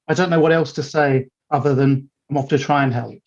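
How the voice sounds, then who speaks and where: A man's voice: medium pitch, steady tone, a little fast, few pauses. A man reading his own heartfelt letter aloud, earnest and wry, with self-mocking asides. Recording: dull lo-fi live-stream audio.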